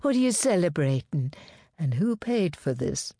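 A woman reading an audiobook, voicing a brassy, husky woman who speaks low, slow and knowing with quiet menace. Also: big pitch swings, dry recording, clean studio sound, heavily acted. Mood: sultry menace. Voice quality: husky, sensuous.

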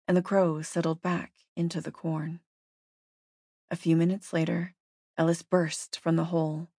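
A woman narrates a story at a steady, measured pace. Her voice sits on the low side, and the recording is dry and close with no room sound. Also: gravelly, breathy edge, no echo. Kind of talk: audiobook narration.

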